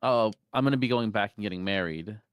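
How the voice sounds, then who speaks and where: A man's voice: lowish voice, quick pace, smooth, no echo, studio quality. A man playing a tabletop game, speaking for his character in a hesitant, sheepish way. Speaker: player.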